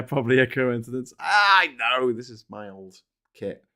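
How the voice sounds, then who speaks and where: A man's voice: mid-range voice, very animated, moderate pace, pushed and bright. A middle-aged British man hosting a casual live stream, rambling, swearing often and mocking himself as he reads comments and papers. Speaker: host.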